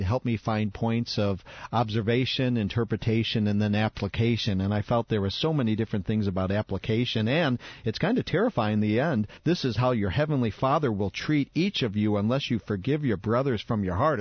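A man's voice: mid-range voice, no room sound. Earnest man reading scripture, dull sound. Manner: earnest, reflective, slows for emphasis. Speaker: host. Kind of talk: scripture reading and devotional talk.

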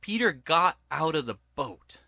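Bright, emphatic preaching man. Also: fairly high pitch, unhurried, creaky, dry recording. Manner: emphatic, retells scripture and stories with lively voiced quotes. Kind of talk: preaching-style Bible teaching in conversation.

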